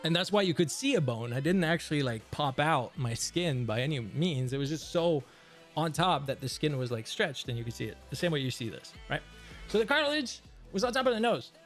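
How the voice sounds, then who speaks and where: Young male streamer, high lively voice, expressive storyteller, faint music underneath. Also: a little fast. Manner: animated, swears freely, laughs while telling. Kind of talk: casual storytelling.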